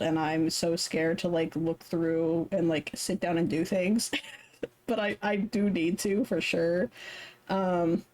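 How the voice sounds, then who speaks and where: A woman's voice: fairly low pitch, darkish tone. A young woman chatting casually on a live stream while she draws, rambling and self-deprecating. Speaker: streamer drawing fan art.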